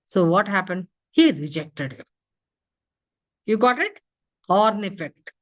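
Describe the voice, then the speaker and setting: A woman trainer leads an interactive class at an ordinary middle pitch. She keeps throwing quick questions at her listeners and checks in with "huh?" and "you know" as she explains. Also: sing-song. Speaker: corporate trainer.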